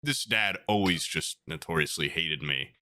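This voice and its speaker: A man's voice: normal speed, no room sound, studio quality. A man co-hosting a podcast, telling stories in casual chat and leaping into mocking voices when he quotes people. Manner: animated storyteller, jumps high into mocking quoted voices. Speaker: podcast co-host.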